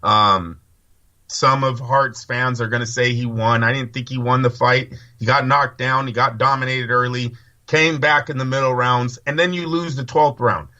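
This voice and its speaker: Co-host: opinionated man, very bright tense tone, dull lo-fi sound. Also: mid-range voice, fairly even intonation, moderate pace. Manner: opinionated, rambling, swears casually. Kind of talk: casual boxing podcast chat.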